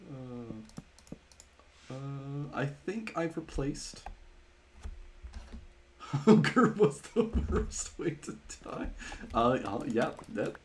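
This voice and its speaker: A man's voice: on the high side, sing-song, slow, long pauses, slight background noise. A man streaming live, chatting casually with viewers while he plays, rambling and often breaking into laughter.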